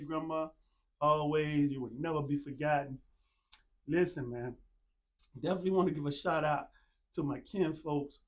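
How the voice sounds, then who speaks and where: A laid-back man hosts his own show, talking in a loose, easygoing monologue. His voice sits a little high for a man. He leans on "man" and "you know what I'm saying" over and over, like he's talking to friends. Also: darkish tone. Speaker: podcast host. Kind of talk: casual monologue with shout-outs.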